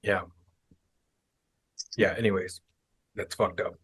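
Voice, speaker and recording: A young man hosts a podcast, chatting casually in a slightly low voice. He tells stories with animated imitations of the people involved, jumping up into higher voices. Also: slow pace, breathy edge, no echo. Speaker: podcast host. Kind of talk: casual chat.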